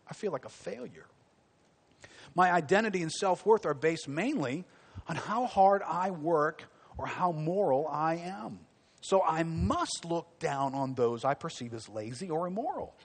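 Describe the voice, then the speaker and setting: Man preaching, fairly high voice, conversational, rhetorical questions, animated delivery. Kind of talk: sermon.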